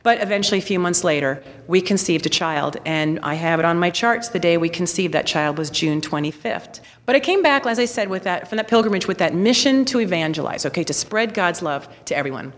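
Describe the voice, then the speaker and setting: Woman, forties, personal testimony, animated storytelling, lowish voice, long hall reverb. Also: brisk, few pauses. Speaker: speaker telling her faith story.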